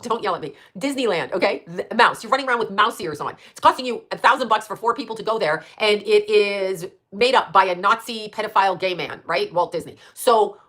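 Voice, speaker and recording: Fast-talking woman ranting profanely. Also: medium pitch, a bit bright. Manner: profane, rambling, fires rhetorical questions. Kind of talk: casual ranting monologue.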